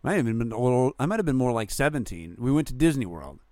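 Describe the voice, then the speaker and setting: A man, chatting as a podcast co-host, telling animated stories, swearing freely and acting out what people said. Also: mid-range voice, fast talker, dry recording, studio quality. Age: 40s. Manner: animated storyteller, swears freely, acts out quotes. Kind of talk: casual chat.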